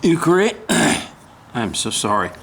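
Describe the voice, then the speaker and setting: An older man giving a casual woodcarving demonstration, talking haltingly, often clearing his throat and apologizing. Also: medium pitch, sing-song, background noise. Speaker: woodcarving instructor.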